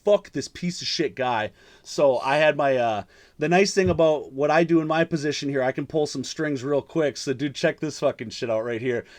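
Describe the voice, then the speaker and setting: A man's voice: fairly high pitch, moderate pace. A man hosting a podcast, telling a story in casual chat over a remote call, swearing often and rambling with fillers and restarts. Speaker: podcast host.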